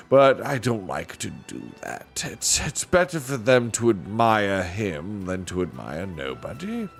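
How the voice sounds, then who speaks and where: A man voicing a mild, sleepy old male magician who talks in a gentle, chuckling, rambling way. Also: on the low side, creaky, full character voice.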